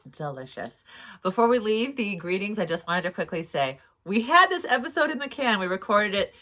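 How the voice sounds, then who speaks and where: A woman's voice: medium pitch, very animated, a little fast, bright, forceful tone. A woman co-hosting a casual morning chat show from a cabin, chatty and laughing often. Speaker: co-host. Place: cabin indoors.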